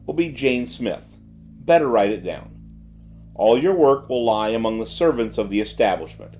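A man's voice: on the low side, a little mellow, natural voice. A man voicing a sarcastic, stern detective chief giving orders in a dry, businesslike way.

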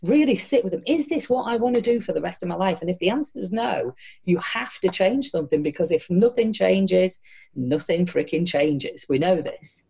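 A middle-aged woman with a Yorkshire accent, a guest in a casual interview, talking frankly, swearing freely and telling animated stories. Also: lowish voice, normal speed, vocal fry. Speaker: guest entrepreneur.

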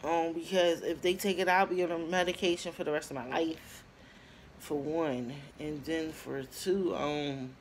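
A woman in her twenties talking casually to her viewers, telling her story with lively bursts and lots of fillers and pauses. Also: sits low, a little hiss or hum. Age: 20s. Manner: chatty, animated storytelling, addresses viewers as y'all; frequent fillers and trailing pauses. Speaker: vlogger. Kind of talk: casual talk to camera.

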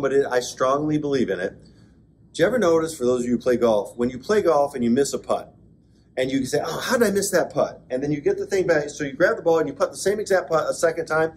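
A man, a pastor, giving a conversational Bible class lecture, with joking asides and bursts of excited emphasis. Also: on the high side, a little hiss or hum. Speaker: pastor teaching an adult class. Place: church classroom.

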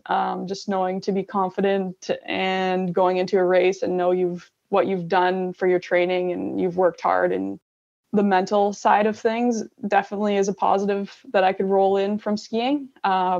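A young woman from Canada, an athlete answering interview questions in a relaxed, casual way with many fillers. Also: mid-range voice, creaky. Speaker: interview guest, gravel cyclist. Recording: dull lo-fi sound.

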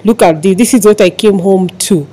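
A woman's voice: medium pitch, normal speed, mellow. A young woman with a Kenyan accent, chatting casually to camera as a stay-at-home mom vlogger, addressing her viewers as "guys".

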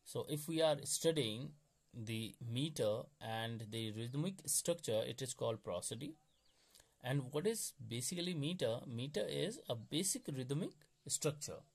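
A man's voice: mid-range voice, expressive, measured pace, husky. A man giving an explanatory exam-prep lecture, going over key points methodically and repeating them.

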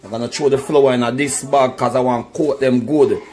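A man's voice: medium pitch, fairly even intonation, moderate pace, darkish tone, poor audio. A man demonstrating home cooking, chatting to his viewers and calling them "my people" throughout. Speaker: cooking vlogger. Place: home kitchen.

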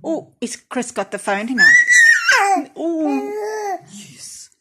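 A woman's voice: sits high, big pitch swings, extremely slow, very noisy. A woman, talking baby talk to a little child in a coaxing, doting, sing-song way.

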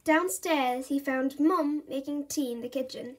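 Storybook reader: woman, high-pitched, animated and expressive. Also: measured pace, few pauses. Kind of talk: children's story read-aloud.

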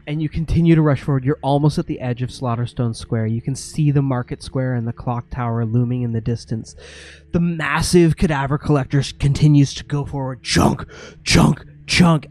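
A man's voice: medium pitch, steady tone, normal speed, darkish tone. A man running a tabletop game as game master, narrating vividly and mimicking sound effects.

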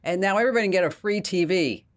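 A woman hosting a tech podcast in a casual, animated storytelling manner. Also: medium pitch, very fast. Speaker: host.

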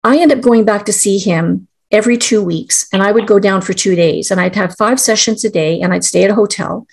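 A woman's voice: mid-range voice, brisk, creaky, husky. A middle-aged woman, a guest, telling a personal story in an earnest, emotional way, with restarts.

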